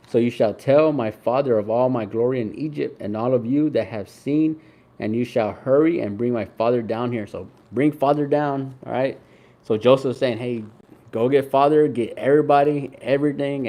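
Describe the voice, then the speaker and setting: A man's voice: medium pitch, mellow. A young man reading scripture aloud and explaining each passage in a casual, conversational way, with lots of "like" and "right?". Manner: reads scripture aloud, then paraphrases it in casual slang. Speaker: Bible teacher. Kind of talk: casual Bible study commentary.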